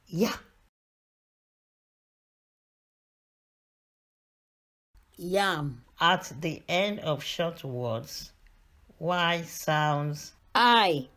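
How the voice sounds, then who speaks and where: A woman's voice: deep voice, expressive, very slow, a bit bright. A British woman narrating a beginners' reading lesson, carefully sounding out letters and words. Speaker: reading teacher. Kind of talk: slow scripted lesson narration.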